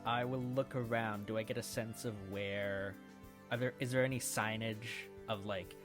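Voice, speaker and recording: A man playing a tabletop game, speaking haltingly with many fillers. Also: fairly low pitch, fairly even intonation, music in the background. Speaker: player. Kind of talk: casual tabletop game chat.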